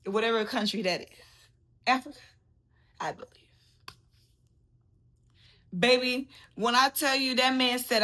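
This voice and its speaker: Talkative lady vlogger chatting about fights, kinda high, real bright voice. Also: a little slow, long pauses. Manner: chatty, laughing, calls viewers baby. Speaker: boxing commentary vlogger. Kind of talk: casual chat to camera.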